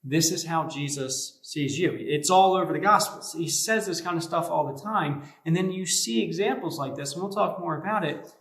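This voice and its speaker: A man's voice: on the high side, moderate pace, a bit bright. A man giving a youth sermon as a youth pastor, talking casually and conversationally with everyday comparisons. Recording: echoey room.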